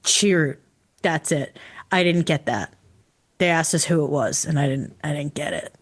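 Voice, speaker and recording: A tired woman co-hosting a podcast in casual chat, excited and laughing often. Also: low voice. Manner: excited, laughs often, puts on quick character voices. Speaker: podcast co-host.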